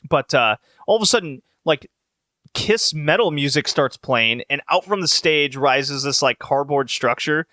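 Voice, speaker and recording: Casting note: young adult male podcast host, bright voice, dry close recording, rambling and profane. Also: a little high, animated, measured pace, dry recording. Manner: rambling, profane, many restarts. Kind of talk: casual chat recap.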